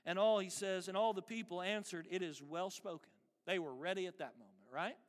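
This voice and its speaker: A man preaching a sermon as pastor, emphatic and animated with dry humor. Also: sits high, a little fast. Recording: long reverb of a large hall.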